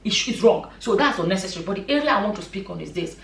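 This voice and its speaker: A woman's voice: mid-range voice, expressive, quick pace, creaky. Passionate woman vlogger, roomy echo. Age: adult, a mother. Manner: passionate, emphatic, repeats points for stress. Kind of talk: opinion vlog commentary. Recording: echoey room, mic at a distance.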